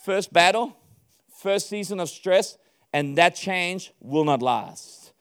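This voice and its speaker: Animated high-voiced male pastor. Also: takes it slowly, clear, resonant tone. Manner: animated, laughing, acting out dialogue. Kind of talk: sermon to church leaders.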